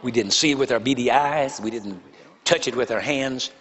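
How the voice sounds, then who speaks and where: A male pastor preaching to his congregation, his voice carrying through a church hall with a long, lingering reverb. He mixes playful teasing of the crowd with heavy emphasis on single words and repeated phrases, at a middling pitch. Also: normal speed, a bit bright. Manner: joking, teasing the congregation between emphatic points. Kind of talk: sermon. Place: church sanctuary before a congregation.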